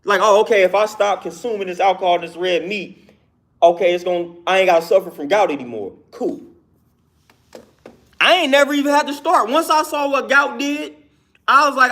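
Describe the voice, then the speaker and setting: Emphatic high-voiced man preaching diet. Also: animated, brisk, sharp tone. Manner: emphatic, repetitive, slangy. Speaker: vegan health talker. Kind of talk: casual monologue.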